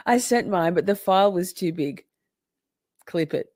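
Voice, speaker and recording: Expressive and unhurried, this streamer talks in a mid-range, darkish voice over a dry mic with no room sound. Her loose, salty commentary wanders chattily, pausing now and then to say hi to chat.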